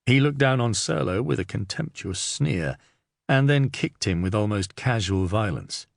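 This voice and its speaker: A man narrating an audiobook in a steady, measured reading. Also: lowish voice, vocal fry, no room sound, clean studio sound. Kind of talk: scripted narration.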